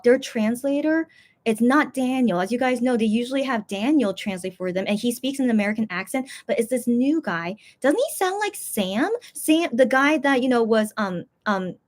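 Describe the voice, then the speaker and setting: Woman rambling in casual fan chat. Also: a little high. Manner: rambling, many fillers and restarts. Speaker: fan vlogger, channel host.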